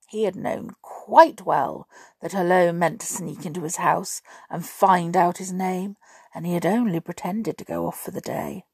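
A woman reads a children's story aloud with expressive, dramatic delivery, gasping and whispering for effect. Her voice is gravelly and a little husky. She reads slowly, in a dry, close sound. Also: on the low side, no echo.

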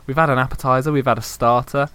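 A man's voice: medium pitch, fairly even intonation, pushed and bright, smooth. A young man hosting a podcast, chatting casually, teasing his guest and laughing readily. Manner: playful, teasing, quick to laugh. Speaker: podcast host. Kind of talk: casual chat.

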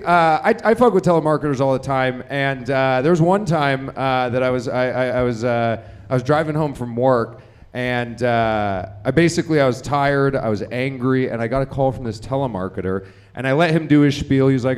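A man's voice: medium pitch, lively intonation, moderate pace, clean tone. A young man hosting a live comedy show, rambling and profane, full of fillers and restarts. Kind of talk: stand-up hosting banter.

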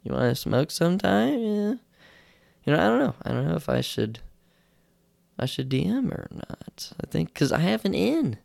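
A young man rambles through a casual podcast story, poking fun at himself. His voice has a gravelly, creaky texture. The sound is close and dry, with no room echo. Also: on the high side, sing-song, normal speed, pauses often, a little mellow. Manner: rambling, self-deprecating, acts out quotes in raised voices. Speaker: podcast host.

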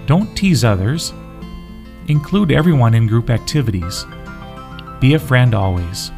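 A man reading a children's story aloud, gentle and expressive. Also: mid-range voice, a little slow, gravelly, music in the background. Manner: gentle, expressive, sing-song.

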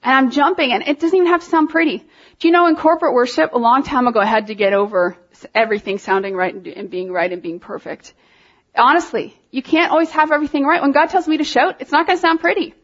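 Animated woman preaching, lo-fi sound. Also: high-pitched, fast talker. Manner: animated, conversational, emphatic, many fillers. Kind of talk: informal sermon.

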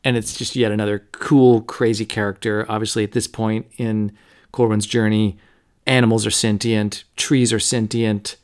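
A man hosting a podcast, talking through a novel in a low-key, conversational way with frequent fillers. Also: level tone, normal speed, darkish tone, clear, resonant tone. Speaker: podcast host. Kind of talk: casual book discussion.

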